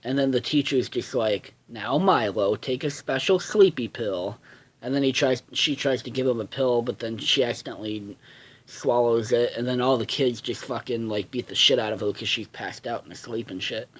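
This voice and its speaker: A man's voice: medium pitch, steady tone, a little fast, breathy edge. A man casually reviewing a cartoon episode, swearing a lot and rambling with many fillers and restarts.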